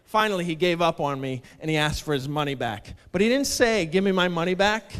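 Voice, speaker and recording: A stand-up comedian on a club stage, delivering sarcastic, mock-indignant rants into a handheld mic. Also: male voice, a little high, expressive, brisk, a bit bright, smooth. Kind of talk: stand-up set.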